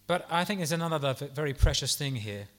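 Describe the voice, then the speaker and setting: Bright-toned man preaching a gentle sermon. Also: fairly high pitch, lively intonation, fast talker. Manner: gentle, earnest, pastoral; soft asides with some restarts.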